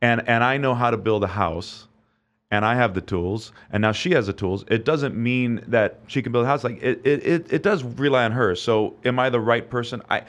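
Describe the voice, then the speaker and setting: A man, a music producer, chatting as a guest on a talk show, telling relaxed stories and quoting others. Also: mid-range voice, normal speed. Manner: relaxed storytelling, quotes people in asides. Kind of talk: casual talk-show chat.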